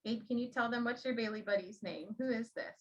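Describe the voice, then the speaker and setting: A woman who trains teachers, giving a classroom demonstration and gently coaching a child as she explains. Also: fairly high pitch, a little fast, poor audio.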